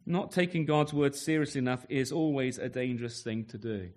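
A man's voice: medium pitch, a little fast, darkish tone. A male preacher giving a sermon in a conversational way, often ending points with questions to the congregation and restarting phrases as he searches for words. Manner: conversational, full of rhetorical tag questions; restarts and stumbles while reaching for words.

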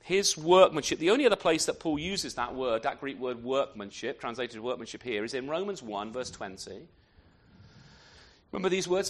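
A man's voice: on the high side, lively intonation, moderate pace. A man preaching a sermon in an unscripted way, often restarting phrases and asking rhetorical questions.

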